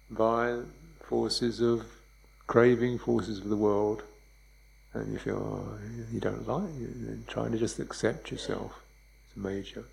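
A man giving a dharma talk as a meditation teacher, speaking in a relaxed, conversational way and chuckling often. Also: medium pitch, gravelly, rough recording.

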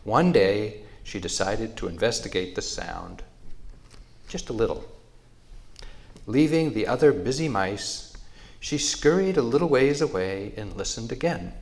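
Slow, low-voiced male storyteller. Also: expressive. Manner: measured, unhurried.

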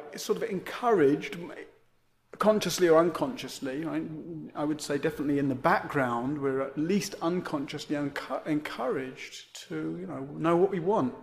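A man giving a meandering, reflective dharma talk as a meditation teacher, often checking in with "right?". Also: on the high side. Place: meditation center.

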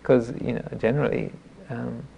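Brief: male monk teacher, mellow and gravelly, telling a wry story on himself, faint hiss behind. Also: mid-range voice, fairly even intonation. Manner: self-deprecating storytelling; halting, with frequent restarts. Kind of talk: dharma talk.

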